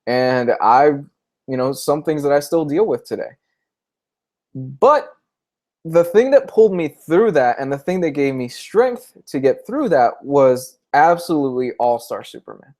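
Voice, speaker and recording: A man's voice: a little high, animated, measured pace, a little mellow. A young man chatting casually on a livestream about comics, speaking openly and emotionally. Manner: candid, emotional, tearing up at times. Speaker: comic book vlogger.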